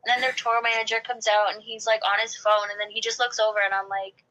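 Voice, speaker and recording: A woman's voice: on the high side, little pitch movement, fast, pushed and bright, muffled recording. A woman in casual chat, telling a long personal story, saying "like" a lot and acting out what people said. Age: late 20s or older. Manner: chatty, lots of "like", acts out quotes.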